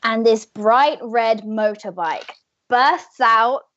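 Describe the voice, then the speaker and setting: Slow-narrating woman game master. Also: fairly high pitch, a bit bright, dull audio. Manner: vivid, unhurried storytelling.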